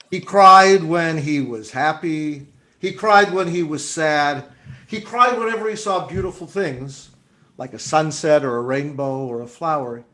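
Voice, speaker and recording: Slow, gentle male storyteller. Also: a little high. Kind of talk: storytelling over a video call. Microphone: video call.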